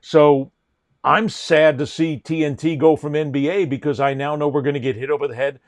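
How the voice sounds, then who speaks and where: A man's voice: fairly high pitch, flat delivery, brisk, no echo. A man hosting a sports podcast, talking in an opinionated, mocking way. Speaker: host.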